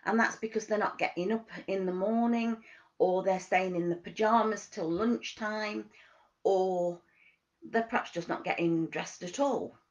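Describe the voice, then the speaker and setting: A woman giving a motivational wellness talk as a coach, asking gentle questions and stressing key words. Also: mid-range voice, unhurried, muffled recording.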